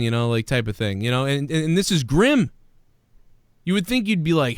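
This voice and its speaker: A man hosting a podcast, ranting in a profane, animated way and mimicking people as he talks. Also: a little high, quick pace, smooth, no room sound, clean studio sound. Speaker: podcast host.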